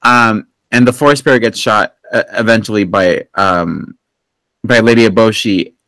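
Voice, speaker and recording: A man's voice: on the low side, moderate pace, pushed and bright, dry recording, low-quality recording. Rambling, profane male podcast host. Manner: rambling, profane, full of fillers and restarts. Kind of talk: casual movie recap chat.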